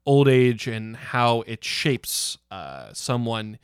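A young man co-hosting a podcast, talking in a loose, animated way with frequent ums and quick laughs. His voice sits in a middle range and is recorded close and dry, with no room sound. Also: mid-range voice, clear, resonant tone, no echo. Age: young adult. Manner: animated, laughs often, many fillers. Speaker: podcast co-host. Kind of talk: casual podcast chat.

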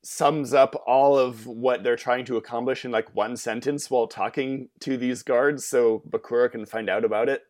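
A man's voice: mid-range voice, fairly even intonation, normal speed, hardly any pauses, darkish tone. A man co-hosting a podcast in casual chat, opinionated with dry asides. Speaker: podcast co-host.

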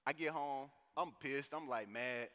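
A man in his thirties from St. Louis giving a personal testimony at a conference, telling the story in a casual, animated way with lots of slang asides. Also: medium pitch, measured pace. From St. Louis, USA. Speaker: conference speaker. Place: conference hall. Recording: echoey hall reverb.

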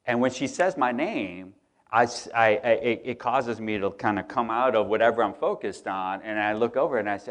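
Male pastor, casual joking preacher, low voice, church service. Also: normal speed. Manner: relaxed, joking, chatty with the congregation. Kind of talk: casual sermon. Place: church auditorium.

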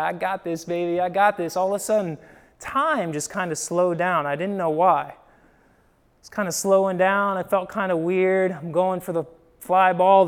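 A young male preacher from Ohio delivers his sermon like a story told to friends. His voice sits high and sounds smooth and resonant. He punctuates points with "right?" and moves between emphatic swells and hushed drops. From Midwest US, Ohio. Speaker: pastor.

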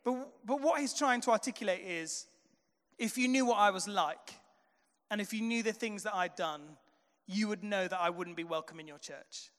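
A pastor preaching a sermon, chatty and relaxed, often sliding into "um" and "sort of". His voice sits high and comes through smooth and resonant. A long reverb from a big church hall trails behind him. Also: moderate pace. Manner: conversational storytelling, frequent fillers.

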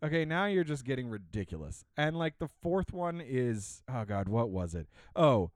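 A man's voice: medium pitch, sing-song, normal speed, hardly any pauses, no echo. A man on a podcast, chatting casually in a sarcastic rant, full of fillers and restarts. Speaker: podcast co-host. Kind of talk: casual ranting chat.

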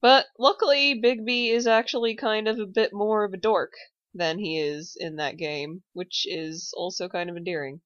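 A woman co-hosting a podcast, chatting casually, blunt and deadpan, swearing now and then. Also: mid-range voice, moderate pace, no room sound. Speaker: podcast co-host. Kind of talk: casual chat. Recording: dull, dry lo-fi podcast audio.

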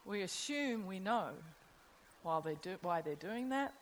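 A woman's voice: medium pitch, animated, unhurried, slight background noise. Woman preaching in a reverberant hall. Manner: conversational, asks the audience rhetorical questions. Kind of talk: sermon.

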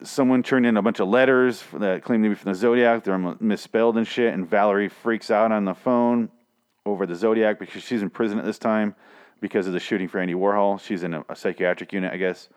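A man's voice: lowish voice, steady tone, quick pace, smooth. A man casually recapping a TV episode, swearing and sarcastic, rambling with lots of restarts. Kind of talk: casual spoken recap and review.

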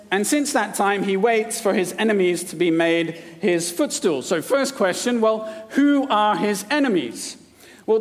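A man from India preaching a sermon, mixing scripture readings with playful, jokey asides. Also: high-pitched. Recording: long hall reverb.

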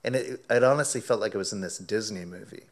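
A man preaching, telling a lively anecdote as a sermon illustration and acting out his own quoted words, often laughing. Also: lowish voice, fast. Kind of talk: sermon illustration told as a story.

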